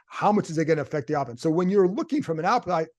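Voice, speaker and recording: Guy reporter thinking out loud on his podcast, lots of "can he? i don't know" questions, voice sits a bit high. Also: lively intonation, very fast. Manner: conversational, thinks aloud with rhetorical questions. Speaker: sports reporter and podcast host. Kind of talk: casual solo commentary.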